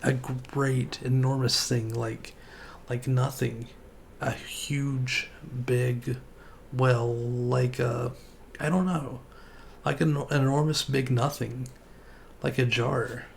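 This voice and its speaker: A man voicing a timid tiny male piglet who stammers and gasps in breathy bursts while reading a storybook aloud. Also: mid-range voice, steady tone, measured pace, pauses often, darkish tone, slight background noise, close to an everyday voice. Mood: breathless.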